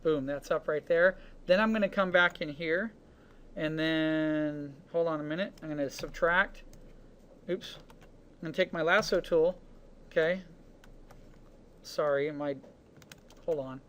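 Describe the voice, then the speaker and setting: A man's voice: measured pace, long pauses, smooth. Brief: man, casual art teacher, talks through every brush stroke in an easygoing screen-recorded lesson. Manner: relaxed, talks while painting, narrates each brush stroke; casual, with fillers like "boom" and "you know". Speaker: digital painting instructor.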